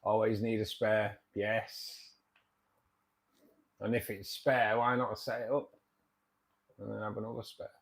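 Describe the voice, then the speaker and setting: A man's voice: fairly low pitch, flat delivery, measured pace, gravelly, pauses often. A man hosting a casual livestream, reading viewer comments and chatting in a jokey way, often repeating himself.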